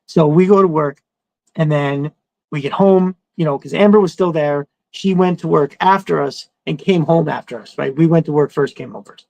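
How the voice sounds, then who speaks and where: Gravelly-voiced man telling a story. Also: normal speed, no echo, poor audio. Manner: animated, acts out quotes in a higher pitch, swears freely. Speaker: podcast host. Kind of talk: casual storytelling.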